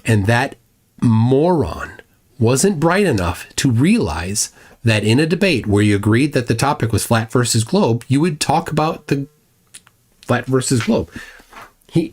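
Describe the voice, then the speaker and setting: A man with an ordinary mid-range voice hosts a casual livestream, reading viewer chats aloud. His delivery is blunt and openly mocking, with a sarcastic edge. He stumbles into frequent restarts as he talks. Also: medium pitch. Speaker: livestream host.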